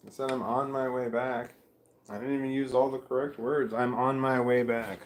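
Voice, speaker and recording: A man's voice: mid-range voice, fairly even intonation, moderate pace, echoey room, a little hiss or hum. Coughing man rambling to himself. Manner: meandering, self-correcting, chuckling to himself. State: coughing repeatedly. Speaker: vlogger livestreaming. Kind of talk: rambling casual self-talk. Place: home room with a fan running.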